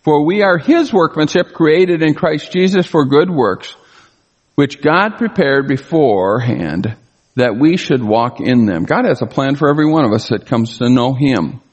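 A man preaching a sermon, reading Bible verses aloud and slowing down to stress key words. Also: a little high, expressive, slightly rough, highs cut off. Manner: reads scripture aloud and explains it, slows down to stress key words. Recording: long hall reverb.

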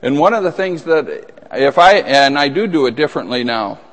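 Male preacher, slightly high voice, conversational sermon, long hall reverb. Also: expressive, normal speed. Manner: conversational, emphatic, with asides and restarts.

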